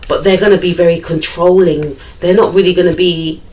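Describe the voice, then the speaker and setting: A woman's voice: lowish voice, fairly even intonation, fairly quick, darkish tone, recorded from a distance, low-quality recording. A woman giving a chatty tarot card reading, thinking aloud and repeating her phrases. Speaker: tarot reader.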